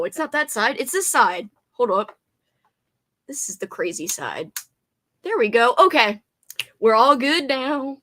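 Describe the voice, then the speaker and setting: Bubbly, high, animated woman streamer. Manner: bubbly, greets viewers by name, sing-song shouted greetings. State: slightly out of breath after exercise. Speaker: livestream host. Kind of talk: casual livestream chat.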